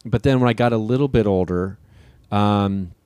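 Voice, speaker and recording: A man's voice: on the low side, darkish tone, clean tone, no room sound. A young man co-hosting a podcast, chatting casually and feeling his way through his thoughts. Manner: halting, many fillers and restarts. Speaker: podcast co-host. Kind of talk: casual chat.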